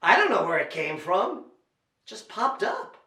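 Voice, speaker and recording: A man hosting a lively show for children, bouncing all over his pitch with big, playful exaggeration. His voice is bright and ringing, and the recording carries a roomy echo. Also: a little slow. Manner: animated, playful, exaggerated kid-show delivery. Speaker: children's entertainer and storyteller. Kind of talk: lively performance for children at home.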